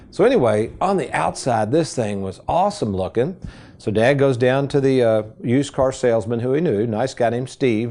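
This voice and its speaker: A middle-aged man hosting a financial radio show, telling folksy stories in a casual, animated way. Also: mid-range voice. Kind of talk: casual radio chat and storytelling.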